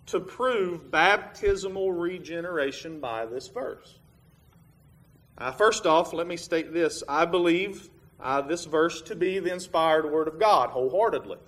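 A man with a bright, forceful voice pitched a little high for a man, preaching a Bible lesson. He reasons through his point step by step, with plenty of "uh"s and restarts along the way. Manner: plain, reasoning step by step with many fillers. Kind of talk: Bible teaching sermon.

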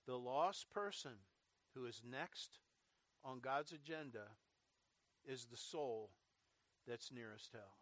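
A middle-aged man preaching a sermon as pastor, talking earnestly and sinking to a quiet, low voice in prayer. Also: no room sound.

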